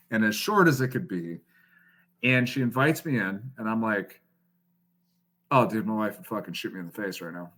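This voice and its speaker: A man's voice: fairly low pitch, normal speed. A man in his thirties, a podcast guest telling a story casually, swearing often and laughing as he goes. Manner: profane, laughing, animated storyteller.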